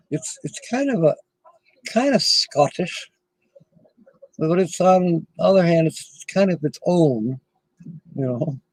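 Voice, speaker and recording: A man's voice: on the high side, animated, slow pace, pauses often, no echo, low-quality recording. A middle-aged man hosting a casual livestream from his RV, rambling and chuckling often as he chats with viewers. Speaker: livestream host.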